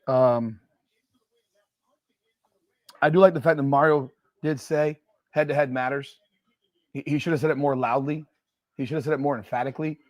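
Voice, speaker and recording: On a live football watch party stream, a male host reacts to plays and rants about rankings with the excitable, repetitive talk of a sports fan, shouting at the action. His voice runs on the high side, and the recording has no echo.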